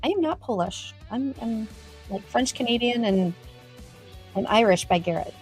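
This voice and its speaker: A woman's voice: a little high, expressive, moderate pace, darkish tone, faint music behind. A middle-aged woman hosting a casual livestream, chatty and bubbly, greeting viewers by name. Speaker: livestream host.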